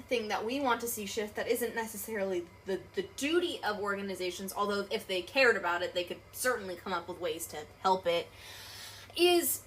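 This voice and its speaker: A woman's voice: medium pitch, fairly bright tone, a little hiss or hum. A young adult woman talking animatedly as an interview guest, emphatic and full of fillers. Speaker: guest, accessibility advocate. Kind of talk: casual interview talk.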